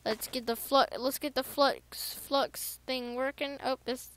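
A woman giving casual, rambling gameplay commentary, excitable and repeating herself as she figures things out. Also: sits high, unhurried. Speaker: gaming video creator. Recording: loud background noise over voice.

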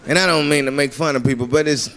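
A man performing a stand-up comedy routine on a club stage, animated and often laughing at his own jokes. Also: fairly high pitch, fast. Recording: live club recording with crowd noise. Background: audience laughter and room noise.

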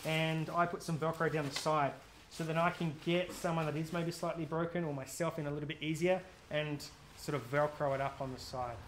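A man's voice: on the high side, fairly bright tone, a little hiss or hum. Chatty New man teaching outdoor safety. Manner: chatty, jokey, quizzes the audience. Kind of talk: live gear workshop talk.

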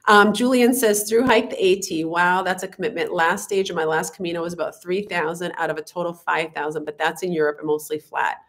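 A congested, sniffly woman talks in a slightly low voice, rambling through viewer comments on a live stream. She is chatty, circling back with fillers and restarts. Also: fairly even intonation, fairly quick, few pauses, a bit bright. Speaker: channel co-host.

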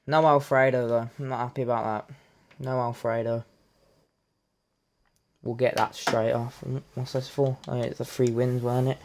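A man commentates his own pack openings at a middling pitch, cursing freely between picks. He jumps from muttered grumbling to loud excited cheering. His talk is loose, unscripted gamer chatter. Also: moderate pace, long pauses, slight background noise. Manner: excitable, heavy swearing, bursts into loud cheers. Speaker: gamer opening card packs. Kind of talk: live reaction commentary.

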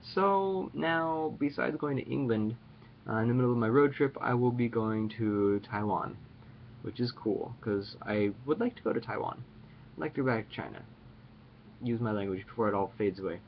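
A man's voice: fairly low pitch, normal speed, lo-fi sound, slight background noise. A man chatting casually to his viewers in a playful, jokey, rambling way. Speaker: vlogger. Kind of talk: casual chat to camera.

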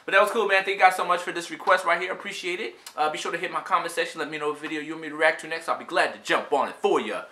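Hype guy w/ doing sports reactions, kinda high voice, echoey room w/ music behind. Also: racing, hardly any pauses. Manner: excited, laughing, talks back to the players on screen. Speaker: sports reaction video host. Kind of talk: casual reaction commentary.

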